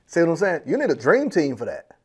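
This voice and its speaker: A man hosting a business podcast in a casual, slangy, animated way, laughing often and acting out little asides. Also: a little high, quick pace, slightly rough. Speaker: podcast host. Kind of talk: casual motivational podcast talk.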